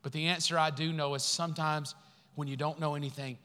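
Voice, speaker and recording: A man pastor preaching a sermon, telling a story with lively acted-out quotes before turning quiet and earnest. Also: on the high side, fairly quick, clean tone. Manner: animated storytelling, acting out quotes, laughing, then quiet and earnest. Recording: long hall reverb.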